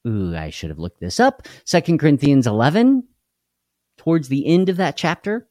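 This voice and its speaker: A tired, worn-out man leads a live devotional in a relaxed, folksy way. He chats with his viewers and greets them by name. His voice is close and dry, with no room sound behind it. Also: on the high side, moderate pace, dry recording. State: tired and unwell. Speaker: devotional livestream host. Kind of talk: casual livestream devotional.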